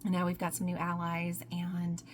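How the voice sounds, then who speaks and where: A woman talking casually about books in her vlog, gushing and excitable, breaking into squeals and laughter. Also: fairly low pitch, moderate pace, a little hiss or hum. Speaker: book vlogger. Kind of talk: casual book review vlog.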